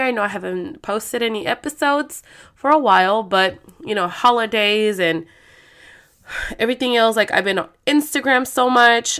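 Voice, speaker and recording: A woman hosting her own podcast, talking casually and excitedly, with frequent swearing. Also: a little high. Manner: chatty, profane, excitable. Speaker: podcast host. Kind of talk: casual solo podcast talk.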